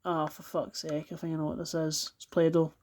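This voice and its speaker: A woman's voice: deep voice, level tone, a little fast, a little mellow. Swearing, exasperated Scottish woman unboxing. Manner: swears constantly, exasperated, keeps apologizing. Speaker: toy collector reviewing die-cast cars. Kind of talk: casual unboxing vlog. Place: at home, indoors on a carpeted floor.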